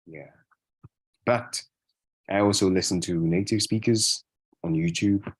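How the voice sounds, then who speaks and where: A man's voice: low voice, measured pace, poor audio. A man answering interview questions about learning pronunciation, often repeating phrases and adding "yeah" and "right?". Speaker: guest. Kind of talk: casual interview.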